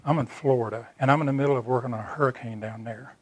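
A man's voice: medium pitch, fairly even intonation, fast talker, dry recording. Dry-voiced, earnest man preaching. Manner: earnest storytelling, acting out dialogue; plainspoken and folksy. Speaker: church speaker. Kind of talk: sermon told as a personal story.

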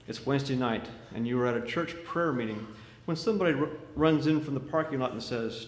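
A man preaching a sermon, telling a vivid story with dramatic swings from loud to hushed. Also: mid-range voice, expressive, brisk, hardly any pauses. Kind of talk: sermon illustration. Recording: echoey hall with faint noise.

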